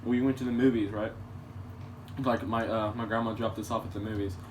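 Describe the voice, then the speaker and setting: A man's voice: lowish voice, steady tone, fairly quick. A man telling a casual story in a rambling, crude way, with many restarts. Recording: distant mic with clear background noise.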